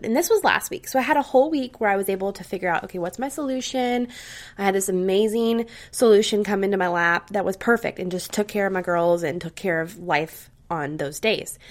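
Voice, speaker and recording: Woman, podcast host, upbeat, chatty, casual advice, mid-pitched voice. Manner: upbeat and chatty, with frequent tag questions. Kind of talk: casual advice talk to listeners.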